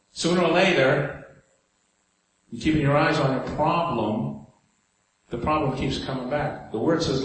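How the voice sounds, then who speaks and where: A man with a New York accent preaching a sermon in a conversational way, putting rhetorical questions to the congregation. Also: medium pitch. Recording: very echoey hall, faint room noise.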